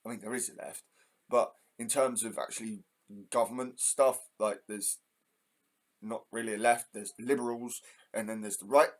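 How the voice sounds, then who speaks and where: A man's voice: mid-range voice, steady tone, moderate pace. An English man hosting a heated, profane ranting monologue. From England. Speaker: host.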